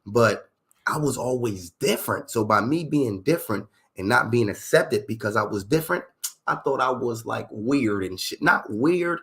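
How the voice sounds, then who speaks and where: A man's voice: mid-range voice, expressive, moderate pace, a bit bright. A middle-aged man in a candid storytelling talk, emphatic and profane, full of street slang and asking "you see what I'm saying".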